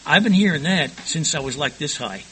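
A man's voice: a little high, expressive, a little fast, bright, forceful tone, a little hiss or hum, low-quality recording. An older man frankly recounting his past in a rambling personal testimony, often stumbling and repeating words.

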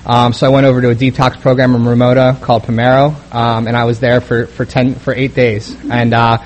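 A young man telling his recovery story as a personal testimony, halting with many fillers and restarts. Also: mid-range voice, flat delivery. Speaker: speaker sharing a recovery story.

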